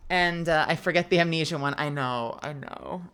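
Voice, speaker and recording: A woman's voice: low-pitched, moderate pace, fairly bright tone, smooth. Tired, giggly woman streamer chatting. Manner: rambling and giggly, with lots of restarts. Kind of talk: casual chat with viewers.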